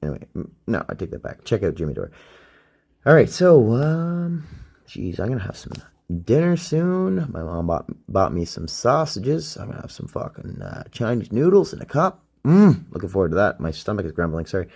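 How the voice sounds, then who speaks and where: A man's voice: on the low side, big pitch swings, moderate pace, darkish tone, slightly rough. A man hosting a solo podcast, rambling and ranting with heavy swearing, recorded on a phone used as a microphone. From Canada. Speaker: podcast host.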